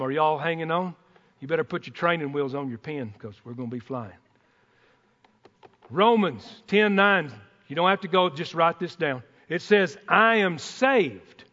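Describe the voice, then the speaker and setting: A man preaching a sermon in a folksy, excitable way, breaking into whoops and joking asides. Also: high voice. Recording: dull sound in a reverberant hall.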